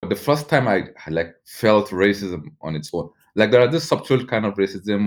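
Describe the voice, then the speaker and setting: Deep-voiced Nigerian man telling his story. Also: animated, normal speed, hardly any pauses. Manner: loose, full of "like" and restarts. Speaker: journalist interviewee. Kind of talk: casual personal storytelling.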